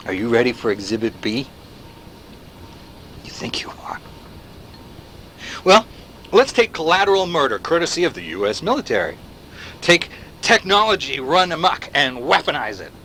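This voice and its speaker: Paranoid game activist. Sweeping, lively delivery, bright edge. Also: male voice, a little high, a little fast, slight background noise, full character voice. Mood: impassioned rant. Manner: impassioned, rhetorical questions to the listener. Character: paranoid male anti-surveillance activist, intense and conspiratorial. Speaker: game character. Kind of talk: video game voice acting.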